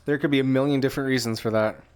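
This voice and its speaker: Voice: mid-range voice, fairly even intonation, very fast, clean tone. A podcast co-host reading news headlines aloud in a casual, profane, joking chat. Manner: playful, profane, acts out scenes in funny voices.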